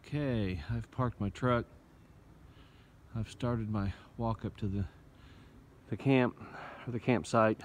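A man with an Indiana accent and a fairly low voice talks into a handheld phone outdoors in the winter woods, with a faint outdoor hiss behind him. He rambles in a relaxed, folksy way, slightly winded from climbing uphill. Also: slow pace, low-quality recording. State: out of breath while hiking uphill. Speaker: bushcraft vlogger. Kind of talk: casual narration to camera. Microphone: phone held in hand.

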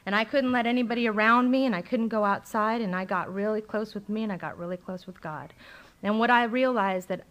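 A woman's voice: mid-range voice, a little fast, fairly bright tone. A young adult woman speaking at a recovery meeting, telling her own story candidly and with feeling, with many fillers. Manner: candid and emotional, with frequent fillers.

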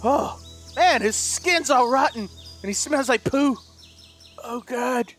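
A man doing loud, goofy, excitable commentary as he plays a game, often laughing. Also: very high voice, slow pace, soft background music. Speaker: let's play host. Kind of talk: gaming commentary.

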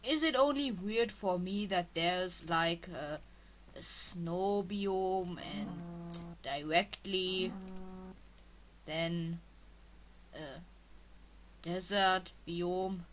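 A woman with a strong German accent, a native German speaker, giving halting, casual commentary as she plays a game and talks to herself. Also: fairly low pitch, a bit bright, poor audio. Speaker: let's player.

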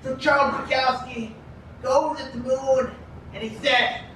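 A man performing a comic spoken-word poem in a deadpan storytelling way at an indoor event. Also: very high-pitched, measured pace, slight background noise. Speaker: poet. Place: indoor food shop event. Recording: echoey room from far off.

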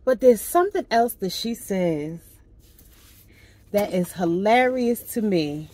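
A woman's voice: medium pitch, takes it slowly. Chatty woman vlogger telling a story. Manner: chatty, animated, says "right?" and "um" often. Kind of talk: casual storytelling to camera.

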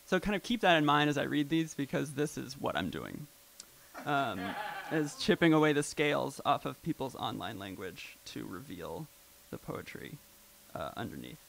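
A man's voice: mid-range voice, big pitch swings, normal speed, gravelly, fairly bright tone, a little hiss or hum, low-quality recording. A man presenting at a live event, talking casually and rambling with lots of "like" and "um" fillers. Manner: rambling, filler-heavy, with frequent "like" and "um".

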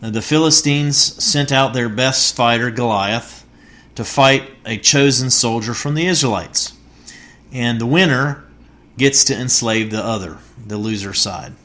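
A man preaching an online sermon as pastor, reading scripture and speaking in a measured, soft-spoken way with pauses. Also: medium pitch. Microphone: online worship recording.

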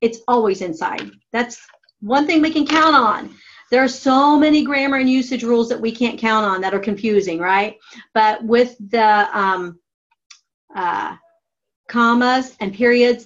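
A woman writing teacher giving a classroom grammar lesson, dictating each step slowly and deliberately. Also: a little high, lo-fi sound. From United States. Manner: slow, deliberate dictation of steps.

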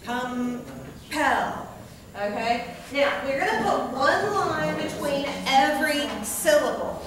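A woman's voice: high voice, a little slow, background noise. A woman teacher giving a classroom lecture, patient, repeating words and checking in with "okay?". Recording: echoey classroom from far off.

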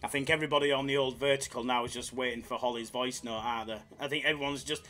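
Hyped-up man, bright tense voice. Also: mid-range voice, steady tone, fast, soft background music. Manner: jokey, hyped-up banter with chat. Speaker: live slots streamer. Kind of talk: casual live-stream chatter.

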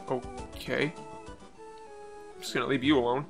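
Casual sarcastic gamer man, bright and slightly high voice, faint game music behind. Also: lively intonation, normal speed, pauses often. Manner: casual, sarcastic, crude jokes. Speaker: gameplay commentator. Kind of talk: let's play commentary.

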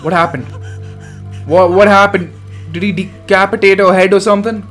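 A young man hosting a horror game playthrough, reacting loudly and excitably, with frequent swearing. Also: sits high, normal speed, soft background music. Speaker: gaming channel host. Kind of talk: let's play commentary.

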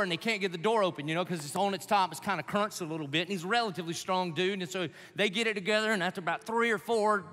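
Passionate pastor in a reverberant hall. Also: male voice, sits high, pushed and bright. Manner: conversational, emotional, rising to passionate exhortation. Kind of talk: sermon with storytelling.

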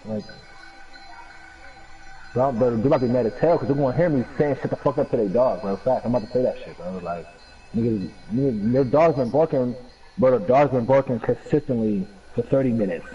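A young man giving casual, profane, slang-heavy commentary while streaming a game. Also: mid-range voice. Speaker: gameplay streamer. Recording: dull lo-fi recording.

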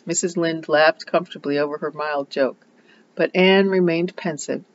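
A reader narrating a classic novel in steady, plain storytelling. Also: mid-range voice, normal speed, dull audio, slight background noise.

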